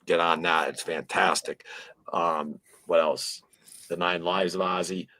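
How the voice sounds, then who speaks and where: A man's voice: low-pitched, steady tone, measured pace, bright, forceful tone. A man hosting a casual livestream chat, rambling with lots of fillers and swearing freely. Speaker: livestream host.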